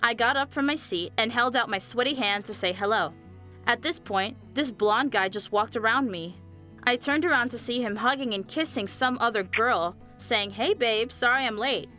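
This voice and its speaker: Bright young woman narrating a story. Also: a little high, normal speed. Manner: chatty, addresses viewers directly. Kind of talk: scripted animated storytelling narration. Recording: faint music behind the voice.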